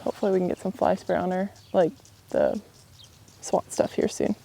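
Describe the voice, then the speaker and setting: A woman softly talking to a young horse as she gentles it, calm and reassuring, often dropping to a whisper. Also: on the low side, moderate pace, gravelly, a little hiss or hum. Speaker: horse trainer in a gentling challenge. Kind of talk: soft-spoken talk to a horse. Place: outdoors at a horse pen.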